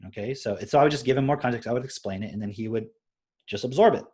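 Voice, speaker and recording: A man's voice: mid-range voice, rapid-fire, a little mellow, slightly rough. A young adult man on a live stream, casually explaining his parenting approach through stories and often checking in with "right?".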